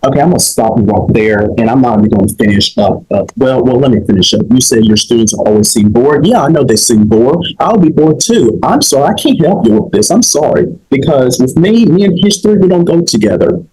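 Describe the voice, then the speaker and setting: A man's voice: mid-range voice, lively intonation, a little fast, few pauses, a little mellow, low-quality recording. A young man hosting a comedic advice show, emphatic and preachy, often checking in with his listeners.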